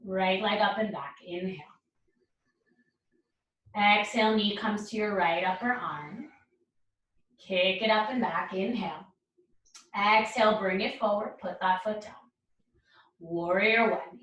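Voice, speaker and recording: A woman leading a yoga class, calling out poses and breaths in calm, encouraging cues. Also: medium pitch, a little slow, long pauses, far from the mic. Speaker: yoga instructor. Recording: roomy echo, speaker away from mic.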